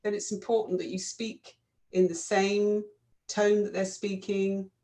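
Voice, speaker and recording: A woman with a mid-pitched voice co-hosts a casual therapy chat. She explains ideas in a gentle, reflective way, pausing and rephrasing as she goes. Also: little pitch movement. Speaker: co-host, therapist.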